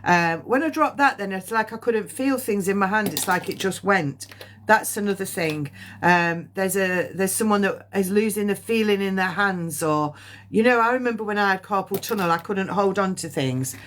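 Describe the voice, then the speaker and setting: A woman's voice: medium pitch, moderate pace, a bit bright, slight background noise. A woman giving a live psychic reading, rambling with many ums, coughing often and getting emotional at times. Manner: emotional, near tears at times. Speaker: medium.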